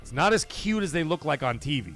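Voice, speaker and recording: A man hosting a gaming livestream from home talks in loose, profane banter with his chat. His voice is fairly high for a man and swings widely in pitch. Faint music plays under him. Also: sing-song, a little fast, a bit bright. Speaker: livestream host. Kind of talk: casual livestream chat, reading out chat.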